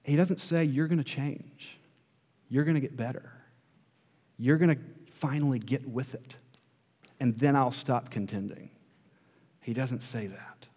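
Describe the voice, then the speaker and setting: Preacher in a reverberant hall. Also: male voice, medium pitch, a little slow, long pauses. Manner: preacherly, swings between hushed and emphatic. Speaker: pastor. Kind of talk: sermon.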